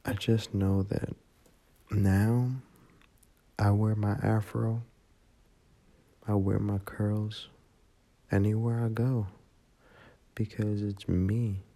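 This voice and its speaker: A man's voice: lowish voice, level tone, slow pace, long pauses, warm tone. A drunk man rambling into his phone, profane and heartfelt. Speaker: voice memo rambler.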